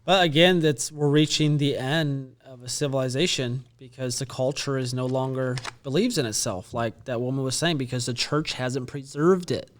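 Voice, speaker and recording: A man co-hosting a Christian podcast, talking in an animated way as he builds up his points. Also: medium pitch, normal speed, hardly any pauses. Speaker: podcast co-host. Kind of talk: conversational Christian podcast discussion.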